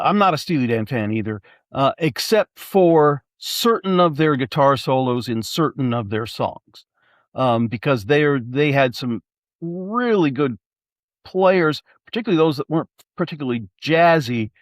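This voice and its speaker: A man's voice: a little high, expressive, normal speed, no echo, clean studio sound. A man in casual chat, rambling and hesitant as he works through his thoughts. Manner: rambling, hesitant, many fillers and restarts.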